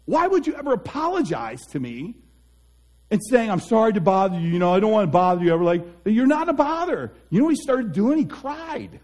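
A man speaking as a life coach in an earnest, animated motivational talk, acting out the people he quotes. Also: high-pitched.

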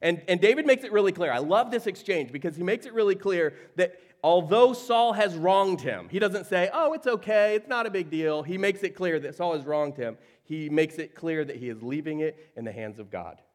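A man preaching a sermon, telling a story with lively asides, quoted voices and laughs. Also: a little high, moderate pace, hardly any pauses. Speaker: pastor.

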